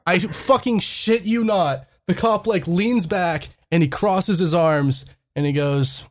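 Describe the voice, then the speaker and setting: A man's voice: sits high, takes it slowly, few pauses. A man co-hosting a podcast, telling a story in casual chat, laughing often and swearing freely. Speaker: podcast co-host.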